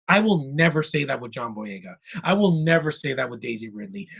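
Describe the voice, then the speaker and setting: Husky guy ranting fast about movies, pitch a bit high, gets loud and acts out film lines. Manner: excited, animated, swears, acts out film lines. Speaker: film reviewer. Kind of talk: ranting film review monologue.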